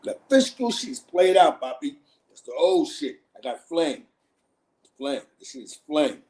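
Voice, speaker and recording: A smooth-talking street dealer, as a man puts him on, coaxing in a fairly high voice and pushing his goods like a salesman. He sounds smooth and persuasive. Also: big pitch swings, a little slow, dark tone. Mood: boastful.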